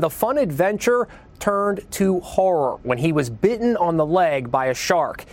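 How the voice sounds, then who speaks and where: A man reporting a news story who also asks interview questions in a measured way. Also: sits high. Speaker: news correspondent.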